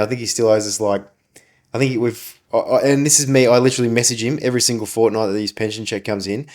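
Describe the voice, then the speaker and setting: A man's voice: mid-range voice, fairly even intonation, quick pace. A man, co-hosting a casual business podcast, ranting and swearing freely as he tells stories. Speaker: podcast co-host, business owner.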